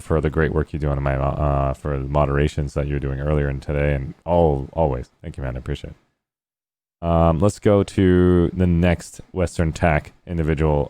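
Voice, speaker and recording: Deep-voiced man hosting a game debrief. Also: mellow, dry recording. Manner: effusive, praising. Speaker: streamer hosting a post-match debrief. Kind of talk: casual voice chat.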